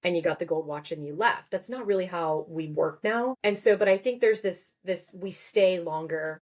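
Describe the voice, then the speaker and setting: A woman in her forties with a slightly low voice tells her story as a podcast guest. She talks in a relaxed, chatty way. She slips into quoted voices as she goes. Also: moderate pace. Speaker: guest, therapist and author. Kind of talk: conversational podcast interview.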